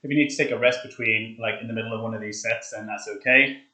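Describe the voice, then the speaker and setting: A man's voice: on the low side, fairly even intonation, fast talker, sharp tone. A young man leading a live workout, chatting casually and counting reps aloud, out of breath. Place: hot flat, indoors. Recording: echoey room.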